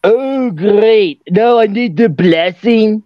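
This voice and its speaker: A man voicing a grumpy, sarcastic male ogre husband in a fan dub, gruff and attempting a Scottish accent. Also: high-pitched, slow, no room sound, highs cut off. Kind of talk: fan dub of an animated film.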